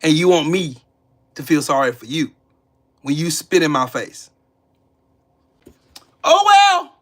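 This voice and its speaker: A man's voice: fairly high pitch, moderate pace. A man hosting a casual livestream commentary, mocking and profane, repeating his jabs. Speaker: channel host.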